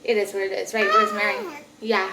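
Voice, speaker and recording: A young woman chatting casually to camera in a mom vlog, talkative and quick to laugh. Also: medium pitch, level tone, creaky, noisy background. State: out of breath. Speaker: vlogger.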